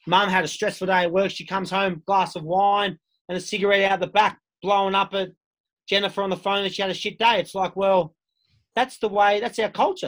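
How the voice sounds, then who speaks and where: A man's voice: high voice, fairly bright tone. A young Australian man telling his story in a casual interview, candid and rambling, swearing freely. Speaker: guest.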